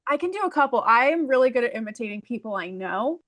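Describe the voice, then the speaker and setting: Eager female host, high voice, dead-dry recording, gushing with compliments. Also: sing-song, quick pace, a bit bright, dry recording. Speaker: interview host. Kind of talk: casual interview chat.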